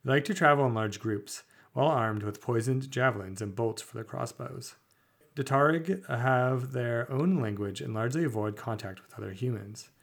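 A man co-hosting a tabletop podcast, reading fantasy lore aloud at a measured, slightly halting pace. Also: medium pitch, vocal fry, a bit bright. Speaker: podcast co-host.

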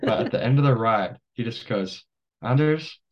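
A man's voice: on the low side, fairly quick, muffled recording. Laid-back young man telling stories. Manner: rambling, full of "like" fillers. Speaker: podcast guest. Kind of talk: casual storytelling.

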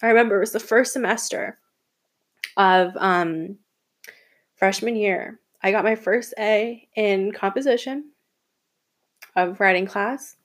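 A woman's voice: medium pitch, measured pace, pauses often, fairly bright tone. Young woman, from Atlanta, student podcast host, emotional, rambling, casual monologue. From Atlanta, Georgia. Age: young adult. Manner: emotional, rambling, with many restarts and laughs.

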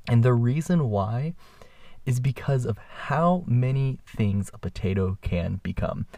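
A man's voice: medium pitch, expressive, unhurried, mellow, no echo. A young man in his twenties hosting a podcast, telling a story casually in a chatty way and laughing often mid-sentence. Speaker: podcast host.

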